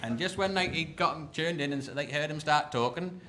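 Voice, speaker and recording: A man telling a rambling, deadpan comic story on a live stage between folk songs, forever checking with his partner that he has it right. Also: on the high side, fairly quick, a little hiss or hum. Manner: rambling, deadpan, keeps seeking agreement. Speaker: folk comedy duo performer.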